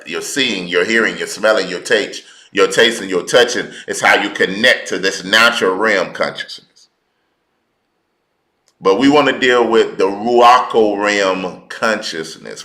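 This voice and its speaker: A man teaching a sermon at a slow, deliberate pace, his voice bright and a little low. He repeats key words for emphasis and speaks in a loose, colloquial way. The room gives his voice a roomy echo. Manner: informal colloquial speech. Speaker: preacher.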